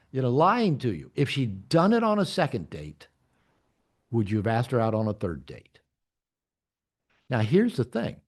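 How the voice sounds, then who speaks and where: An older man speaking to a room of men, blunt and candid, with profanity scattered through his stories. His pitch swings widely from low mutters to sudden high emphasis. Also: darkish tone. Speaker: author and coach. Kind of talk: talk to an audience of men.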